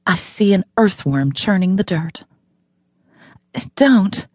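A woman's voice: on the low side, darkish tone, dry recording. A woman narrating a novel in the first person, wry and matter-of-fact, recorded in a studio. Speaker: audiobook narrator.

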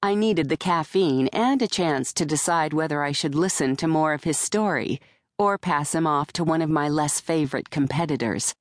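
Low-voiced woman narrating wryly. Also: normal speed, no room sound. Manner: dry, wry storytelling. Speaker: audiobook narrator. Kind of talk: scripted first-person narration. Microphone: close studio mic.

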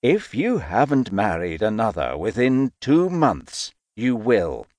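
A woman voicing a stern, unbending aristocratic father in an audiobook, slow and commanding. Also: rumbling low, huge pitch swings, darkish tone, no room sound, voice pushed down, full character voice. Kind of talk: audiobook character voice.

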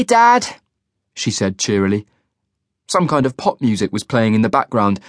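A man narrating a crime thriller audiobook, reading expressively with a lot of pitch movement. Recorded on a close studio mic in a dry room. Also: no room sound. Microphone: studio microphone.

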